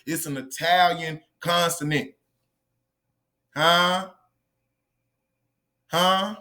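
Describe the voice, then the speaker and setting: A man's voice: on the high side, sharp tone. A man delivering a heated, profane monologue to camera. He talks emphatically and confrontationally, repeats himself, and addresses his viewers directly. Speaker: online lecturer.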